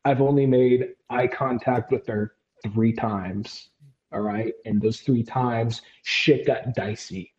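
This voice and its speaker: A man's voice: mid-range voice, steady tone, slow, a little mellow, lightly acted. Give me a weary, hesitant professor, as a man puts him on, in a roomy, lo-fi recording. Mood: confiding. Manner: hesitant, confiding, sweary. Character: nervous middle-aged male professor, weary and confiding. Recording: roomy, dull lo-fi sound.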